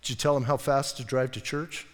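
A middle-aged male pastor preaching a sermon in a church, lively and joking, acting out quoted voices. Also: medium pitch, brisk. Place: church sanctuary. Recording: long church reverb.

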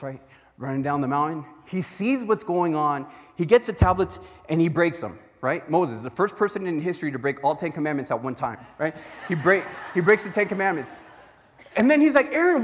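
Animated pastor with a higher voice. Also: male voice, a little fast, big-room sound, slight background noise. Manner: animated storytelling with acted-out voices. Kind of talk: sermon.

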